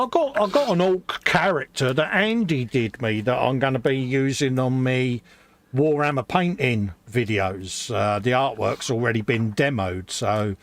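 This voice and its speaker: Man, gravelly voice, laid-back teasing banter, casual chat. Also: mid-range voice. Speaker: co-host of a model-building live stream.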